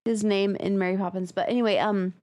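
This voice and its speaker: A woman co-hosting a podcast chats casually about a story, laughing often. Her voice is mid-range and darkish, with fairly even intonation, and she talks in an unhurried, drawn-out way.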